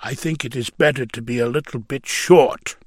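A man's voice: mid-range voice, normal speed, darkish tone, breathy edge, no echo, clean studio sound, natural voice. A man reading a story, voicing a poor, pious old man who talks in a homely, earnest way. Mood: content. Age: older. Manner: homely and earnest, content with little.

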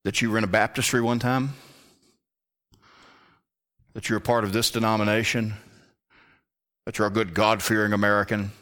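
A man preaching an earnest sermon in a low, deep voice. He leans into his points and drops almost to a whisper when he wants them to land. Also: level tone, normal speed, long pauses. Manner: earnest, drops to a hushed near-whisper for emphasis.

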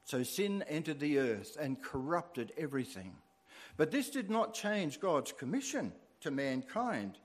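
A man's voice: fairly high pitch, sing-song, unhurried. A middle-aged man preaching a sermon as pastor, with rising emphasis on key words.

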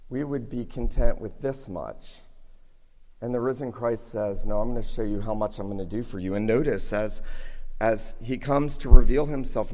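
A man's voice: medium pitch, darkish tone. Preaching man in a reverberant hall. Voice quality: scratchy voice. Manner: earnest, building to emphatic peaks. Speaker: pastor. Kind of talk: sermon. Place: church sanctuary.

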